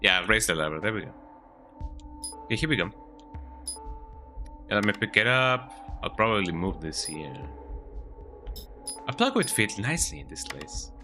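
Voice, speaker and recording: A man's voice: lowish voice, big pitch swings, normal speed, pauses often, pushed and bright, soft background music. A man streaming a video game, chatting casually from home and tagging his sentences with "eh?". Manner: rambling, chatty, tags sentences with "eh?". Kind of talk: casual gameplay commentary. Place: home, at a computer.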